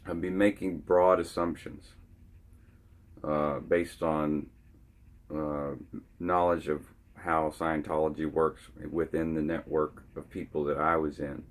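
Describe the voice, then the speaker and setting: Man with an unusually low voice, slow and halting, for a casual opinion vlog. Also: flat delivery. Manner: halting, frequently restarting his sentences. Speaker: vlogger.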